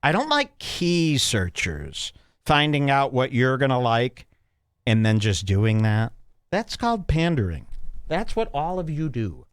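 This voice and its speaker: Man, podcast host, mocking commentary, lively swinging pitch, dry close sound. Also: unhurried, clean tone, dry recording. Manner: animated, mocking, jumps between loud and quiet. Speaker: podcast host reacting to clips. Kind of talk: casual commentary.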